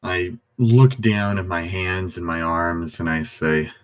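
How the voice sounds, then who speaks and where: Giocatore dalla voce profonda e calma. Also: male voice, low-pitched, slow pace, few pauses. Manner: describes actions plainly. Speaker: player. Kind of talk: tabletop game play.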